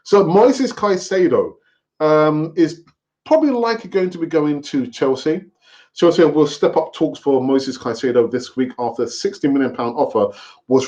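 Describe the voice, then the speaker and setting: A man hosting a casual live football fan stream, talking in an animated, repetitive, rambling way. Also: fairly high pitch, low-quality recording. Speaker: football fan channel host.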